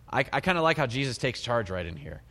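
A middle-aged man, a pastor, giving a sermon, retelling the story with animated storytelling and soft laughs. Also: mid-range voice, moderate pace, husky. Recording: long hall reverb.

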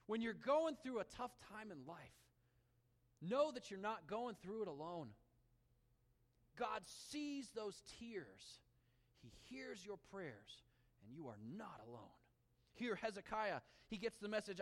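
A man preaching a sermon, reading scripture aloud and swinging between animated emphasis and hushed, intimate asides. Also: sits high, takes it slowly, in a large hall. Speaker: pastor.

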